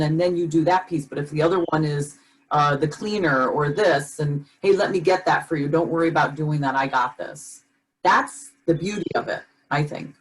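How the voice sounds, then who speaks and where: Lower-voiced woman musing in a casual chat. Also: poor audio. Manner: rambling, many fillers and restarts, reflective. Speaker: podcast co-host.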